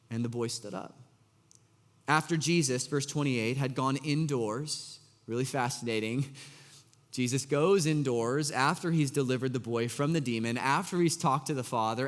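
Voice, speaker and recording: Pastor guy preaching, chatty and animated, lots of restarts, big echoey church hall. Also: a little high. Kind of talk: sermon. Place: church auditorium.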